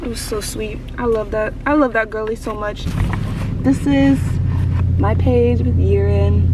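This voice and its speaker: A woman's voice: fairly high pitch, far from the mic, noisy background. A young woman vlogger telling a story in a bubbly, gushing way, full of "like". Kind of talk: casual storytelling to camera.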